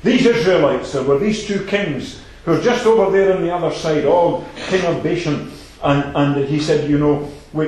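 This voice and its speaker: Male preacher, slightly higher voice, emphatic with soft asides, booming echoey room. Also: moderate pace, hardly any pauses. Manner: emphatic, repeats phrases, swings between loud and soft. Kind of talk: sermon. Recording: very echoey hall.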